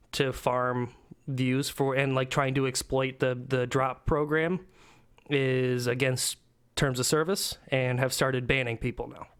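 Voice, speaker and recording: A man's voice: medium pitch, fairly bright tone, smooth. A man co-hosting a casual gaming podcast, rambling with lots of fillers and casual swearing. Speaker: podcast co-host.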